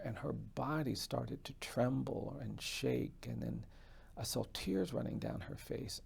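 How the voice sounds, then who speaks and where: A man, a defense attorney, telling a story in an interview in an earnest, measured way. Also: medium pitch, vocal fry, darkish tone, husky.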